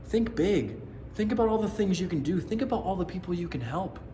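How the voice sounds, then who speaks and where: Rambling young man, slightly high voice. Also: expressive, a little fast, dark tone, slight background noise. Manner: rambling and earnest, heavy swearing, many fillers. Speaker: vlogger. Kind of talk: casual monologue to camera.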